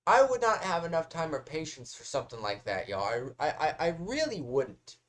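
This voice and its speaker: A man's voice: on the high side, big pitch swings, moderate pace. A man hosting a reaction video, talking casually in a rambling, talkative way and swearing often.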